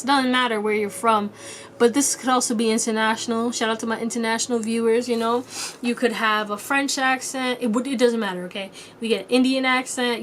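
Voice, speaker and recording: A chatty woman reads tarot cards in a loose, casual way, laughing often and swearing freely. Her voice sits a little high for a woman. A faint hiss runs under the recording. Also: fairly bright tone. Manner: playful high-pitched quoted voices. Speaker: tarot reader. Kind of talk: casual pick-a-card tarot reading.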